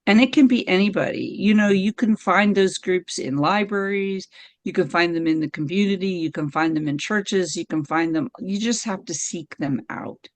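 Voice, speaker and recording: A middle-aged woman, a podcast guest, telling stories in an animated way and laughing often. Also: fairly low pitch, normal speed, no echo. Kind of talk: conversational storytelling.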